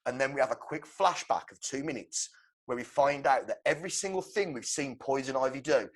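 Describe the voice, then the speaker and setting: Excitable man pitching a movie. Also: a little fast. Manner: excitable, sweary, acts out sound effects. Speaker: podcast co-host. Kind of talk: animated movie-pitch storytelling.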